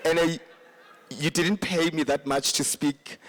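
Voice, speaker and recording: Man, event MC, joking, slow delivery. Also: on the high side, fairly even intonation. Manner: playful, teasing, puts on a posh tone. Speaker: master of ceremonies. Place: awards event venue.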